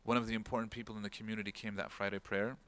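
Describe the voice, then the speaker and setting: A man talks very fast in a lowish, slightly bright voice with little pitch movement. As an imam giving an informal religious lecture, he tells a story, performs its characters with a raised voice, and drops Arabic words and phrases in as he goes.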